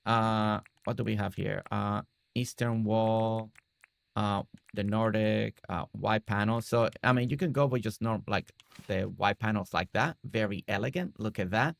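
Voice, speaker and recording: A man streaming a building game, talking casually and excitedly with many restarts and rambling asides. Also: fairly low pitch, a little slow, gravelly. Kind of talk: casual game livestream commentary.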